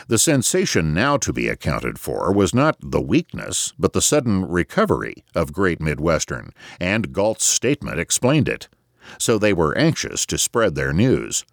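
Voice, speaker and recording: Deep-voiced male audiobook narrator. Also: dry recording, studio quality. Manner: expressive, measured storytelling.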